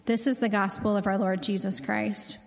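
A woman reading a scripture passage aloud in church, measured and clear. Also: medium pitch, level tone. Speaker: scripture reader. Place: church sanctuary. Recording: long reverb of a large hall.

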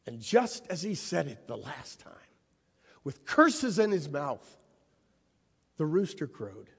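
A man with a slightly high, slightly rough voice and vocal fry preaches a sermon slowly, his pitch swinging widely. He tells stories dramatically, voicing the people he quotes, and the long reverb of a large hall surrounds him.

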